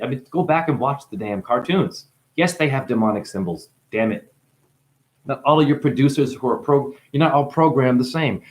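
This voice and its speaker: With a New Jersey accent and a mid-range voice, a livestream host delivers a rambling spiritual monologue. He swears freely and swings between loud bursts and hushed musing.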